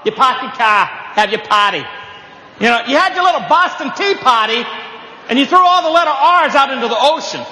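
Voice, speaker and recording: A man's voice: very high-pitched, animated, a little fast, bright, forceful tone. A man from Appalachia doing a stand-up comedy set, telling folksy stories with punchy asides. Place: live venue. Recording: echoey hall with audience.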